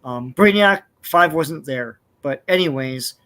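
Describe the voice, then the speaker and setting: A man co-hosting a casual comic book chat, relaxed and rambling with many fillers. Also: a little high, slow pace. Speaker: podcast co-host.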